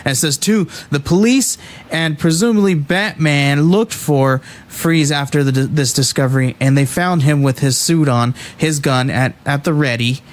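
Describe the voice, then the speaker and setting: Man, podcast host, comic review, animated, stumbling restarts, slightly high pitch. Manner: animated, halting with many restarts, laughs at the text. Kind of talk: casual podcast review, reading comic dialogue aloud.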